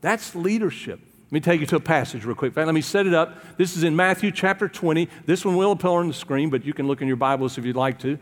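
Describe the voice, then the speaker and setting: A man's voice: fairly high pitch, lively intonation, fast talker, big-room sound. A man preaching a sermon, retelling a Bible story in a loose, conversational way with fillers and voiced quotes. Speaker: pastor.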